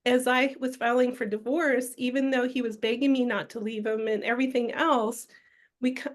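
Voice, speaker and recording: A woman with a slightly raised pitch, speaking earnestly as an interview guest. She reflects on what happened and hands the story on to her co-guest. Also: level tone, normal speed.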